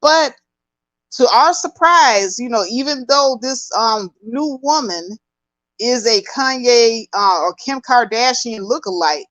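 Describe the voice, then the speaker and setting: A woman hosting casual gossip commentary with an emphatic, chatty, drawn-out delivery. Her voice sits fairly high, and she takes her time. The sound is dry and close. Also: a bit bright, dry recording, low-quality recording. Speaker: host.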